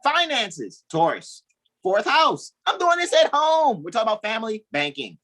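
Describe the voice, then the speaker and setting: A man giving a casual astrology talk as co-host over a video call, animated and thinking aloud. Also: sits high, normal speed.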